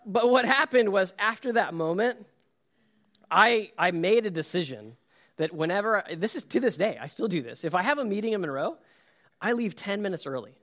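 Pastor guy telling stories in a sermon, kinda high voice, bright and lively, acts out what people say. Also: moderate pace. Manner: storytelling, animated, acts out quotes with laughs.

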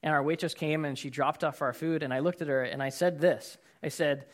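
A man with a somewhat high voice delivers a relaxed, conversational sermon. He talks earnestly, often saying "um" and "you know" and restarting words. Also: fairly quick, few pauses. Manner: casual, earnest, many fillers and repeated words. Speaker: pastor. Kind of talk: conversational sermon with personal stories.

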